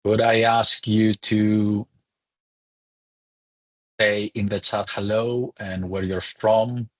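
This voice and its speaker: Male webinar host, low husky voice, chatty and welcoming, computer mic on an online call. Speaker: lecturer hosting a webinar. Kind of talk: casual live webinar hosting.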